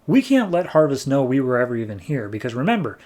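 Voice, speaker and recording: A man's voice: mid-range voice, sing-song, fast, darkish tone, natural voice. A man voicing a blunt, scornful young female mercenary.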